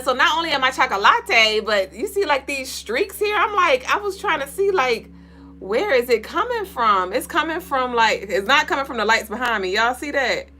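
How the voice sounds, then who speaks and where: Bright, playful woman chatting on a livestream. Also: sits high, very animated, moderate pace, a little hiss or hum. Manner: playful, swears freely, laughs often, greets viewers by name. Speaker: host of a spiritual livestream. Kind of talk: casual livestream chat reading viewer comments.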